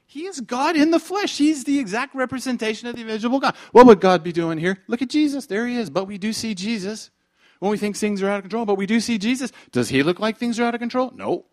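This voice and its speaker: A man preaching a sermon in an animated way, acting out bits of dialogue and swinging between loud and hushed delivery. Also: very high-pitched, fast. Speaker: pastor.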